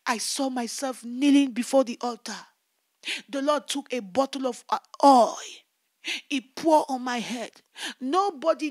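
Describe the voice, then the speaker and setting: A woman's voice: sits high, no room sound, studio quality. A woman evangelist giving a fervent testimony sermon, repeating her exclamations of praise.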